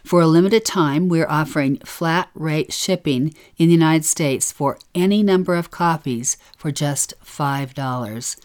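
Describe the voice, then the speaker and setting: A woman co-hosting a podcast, reading the welcome and a promotion in a warm, inviting scripted delivery. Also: low voice, a little slow, hardly any pauses. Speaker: podcast co-host.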